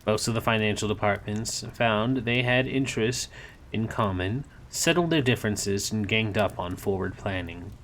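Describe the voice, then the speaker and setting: A man casually reading a novel aloud on a stream, relaxed and sometimes correcting himself. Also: lowish voice, moderate pace, a little hiss or hum. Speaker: story reader.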